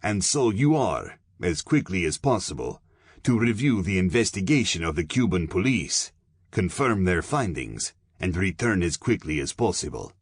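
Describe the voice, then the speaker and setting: A man's voice: sits low, big pitch swings, moderate pace, breathy edge, dry recording, studio quality, heavily acted. A man narrating an audiobook, voicing a solemn, pompous colonel who lectures earnestly and sounds weary. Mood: lecturing. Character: solemn, pompous middle-aged male police colonel.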